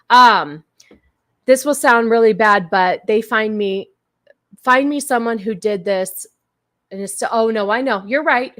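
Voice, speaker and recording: A woman hosting a casual livestream who chats with her viewers. She is blunt, crude and joking, and she thanks her supporters effusively. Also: a little high. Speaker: livestream host.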